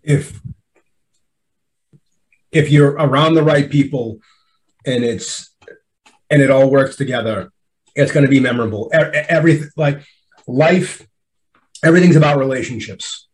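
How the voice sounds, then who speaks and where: A man's voice: medium pitch, a little slow, long pauses, rough recording. A man, a sommelier at wine dinners, telling a story in a casual chat, with many restarts and acted-out bits of dialogue.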